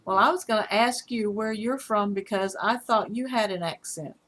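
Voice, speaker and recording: A middle-aged woman with a Southern accent, hosting a casual live stream about her fish, halting often with fillers. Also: medium pitch, fairly bright tone, slight background noise. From Alabama. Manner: rambling, halting with fillers, reads out chat comments.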